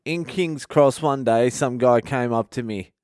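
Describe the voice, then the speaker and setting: A man's voice: medium pitch, unhurried, a little mellow, clean tone, no room sound. A man, a comedian hosting a podcast and telling a profane, laid-back story into a close mic.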